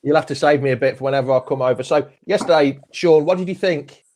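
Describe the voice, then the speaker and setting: A man's voice: on the high side, fast, darkish tone. A man hosting a live football fan chat show, chatty and friendly, tagging questions onto his remarks. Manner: chatty, friendly, asks many tag questions.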